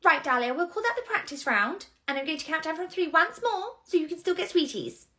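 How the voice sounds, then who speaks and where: A woman's voice: very high voice, animated, a little fast, pushed and bright, full character voice. A woman playing a posh, impatient mother in a comedy sketch, giving prim, clipped commands. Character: posh, impatient mother hurrying her toddler.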